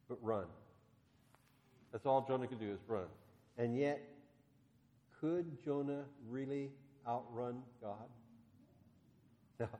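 A man preaching a sermon, retelling a story in a conversational, storytelling way and getting animated when he voices the characters. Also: mid-range voice, big-room sound.

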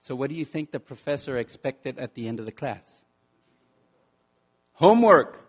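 A man preaching a sermon in an animated way, dropping to quiet asides and rising to loud bursts, often repeating words as he restarts. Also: mid-range voice, fairly quick. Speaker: pastor.

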